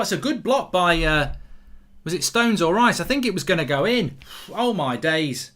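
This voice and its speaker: Young guy, livestream football reactor, slightly high, punchy voice, yells at the game. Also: moderate pace. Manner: excitable, shouts at the match, reads chat aloud. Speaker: football watchalong host. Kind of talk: live football reaction stream.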